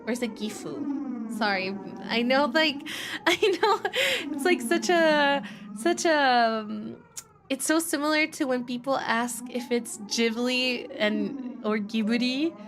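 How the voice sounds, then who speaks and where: A young woman streaming a visual novel and chatting live with her viewers, animated, with frequent gasps and laughs. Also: sits high, takes it slowly, background noise. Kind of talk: casual live-stream chat.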